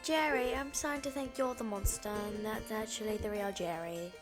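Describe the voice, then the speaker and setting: A woman with a New Zealand accent giving excitable, chatty let's-play commentary, calling out to game characters and yelling in reactions. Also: medium pitch, moderate pace. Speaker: gaming streamer. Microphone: desk microphone. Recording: loud game music over the voice. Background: loud game music.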